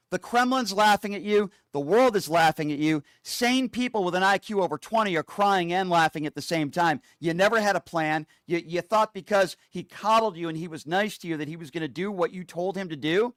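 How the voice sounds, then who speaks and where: A man's voice: sits high, a little fast, hardly any pauses, fairly bright tone, dry recording, clean studio sound. Male talk show host, angry mocking rant. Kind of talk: opinionated political commentary.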